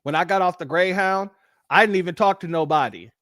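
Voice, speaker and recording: A man from Los Angeles hosting a casual livestream, talking in an animated way and jumping into a high playful voice when he quotes people. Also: brisk, dry recording, clean studio sound. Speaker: livestream host.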